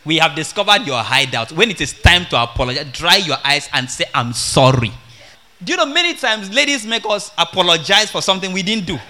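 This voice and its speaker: A man preaching an animated, humorous sermon to a congregation. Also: high voice, fast talker, hardly any pauses. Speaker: evangelist.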